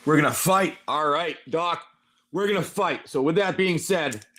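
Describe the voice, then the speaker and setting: A man's voice: a little high, normal speed, pushed and bright, a little hiss or hum. A man hosting a casual card-opening stream, chatty and rambling, reading card names and telling an adventure story. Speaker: livestream seller opening card packs.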